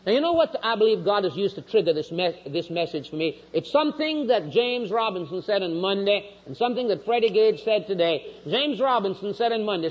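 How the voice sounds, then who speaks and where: A man preaching a sermon with passion, his voice rising high and loud and then dropping low and quiet. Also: slightly rough. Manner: impassioned preaching, swinging from loud highs to low quiet lines. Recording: dull lo-fi recording in a reverberant hall.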